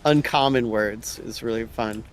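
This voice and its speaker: A man chatting in an easygoing way and calling out quick instructions while playing an online game over a headset mic. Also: mid-range voice, a little hiss or hum. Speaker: group player. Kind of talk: casual chat while gaming.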